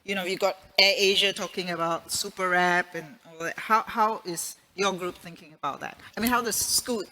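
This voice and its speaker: Bright-voiced woman interviewer, conversational. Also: on the low side, steady tone, moderate pace, few pauses, low-quality recording. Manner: conversational, rambling questions. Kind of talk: conference interview.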